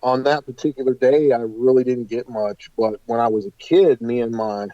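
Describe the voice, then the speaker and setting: A man being interviewed about paranormal investigations, telling stories in an animated, hesitant way full of fillers. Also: mid-range voice, moderate pace, no echo, lo-fi sound. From United States. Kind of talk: casual interview storytelling.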